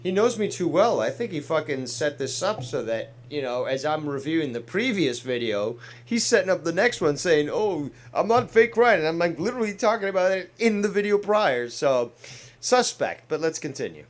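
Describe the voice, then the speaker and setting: A man's voice: a little high, sing-song, moderate pace. A man hosting a casual commentary show, reacting to clips in a blunt, sarcastic and profane way. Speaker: commentary host.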